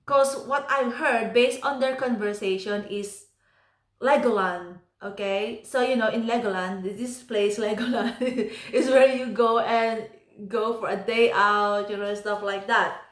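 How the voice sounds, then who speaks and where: A woman with a Filipino accent tells stories for her vlog, her voice pitched a little high. She talks in an animated way and laughs often between points. The sound bounces around an echoey room. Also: unhurried. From Philippines. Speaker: vlogger. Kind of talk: casual storytelling vlog.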